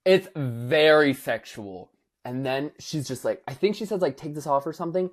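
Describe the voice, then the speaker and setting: In a casual podcast chat, a young co-host spins an animated story, voicing quotes and leaning on filler words. He speaks at a moderate pace in a slightly high voice.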